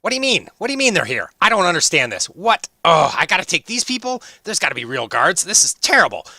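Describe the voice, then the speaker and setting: Man doing a young dwarf, high and twitchy, rambling fast, hard bright voice. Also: no room sound, studio quality, exaggerated voice. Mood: indignant. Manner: excitable, rambling, stammering questions. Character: young male dwarf wagon-maker, jittery and chatty.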